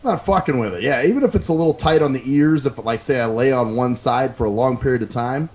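A medium-pitched man talks at a quick pace while co-hosting a podcast. He's an animated storyteller in casual, profane chat, cursing freely and acting out what people said.

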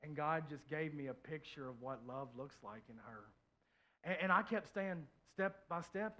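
A pastor preaching a heartfelt sermon in church, sharing a personal story, repeating phrases and swinging from soft to loud. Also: male voice, on the high side, normal speed. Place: church, before a congregation.

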